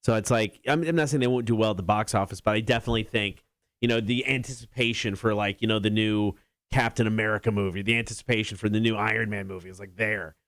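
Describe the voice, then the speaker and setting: Fast, chatty male radio host with a dry close sound. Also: on the low side, steady tone, fairly bright tone, dry recording. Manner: quick, chatty, segment-driving. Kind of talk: casual radio banter.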